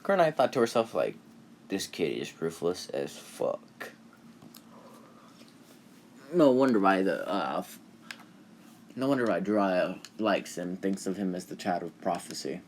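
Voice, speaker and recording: A man's voice: sits low, expressive, moderate pace, a little hiss or hum. A young man casually retelling a fan-made anime story while playing a video game, full of fillers, restarts and offhand swearing.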